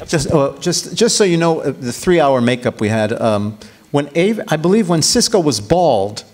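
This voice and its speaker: A man's voice: on the high side, sing-song, moderate pace, darkish tone. A man guest on a panel, telling a casual anecdote and repeating words as he recalls details. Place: public venue event.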